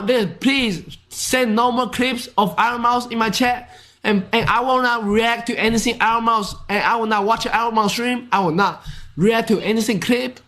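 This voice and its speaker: A man's voice: high-pitched, fairly bright tone. A man with a Mandarin Chinese accent, rambling and repeating himself in a streamed apology. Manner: rambling, repetitive, halting. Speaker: streamer in a played clip.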